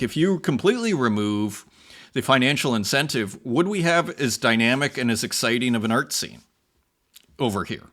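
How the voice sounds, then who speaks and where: A man with a bright, forward voice hosts a casual art commentary show. He chats conversationally with many fillers, then reads passages aloud with slow, dramatic emphasis. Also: mid-range voice. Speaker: host.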